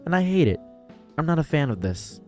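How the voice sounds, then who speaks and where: A man delivering an impassioned commentary monologue, emphatic and swinging from raised outbursts to quiet, low lines. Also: big pitch swings, fairly quick, faint music behind. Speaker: online commentator and streamer.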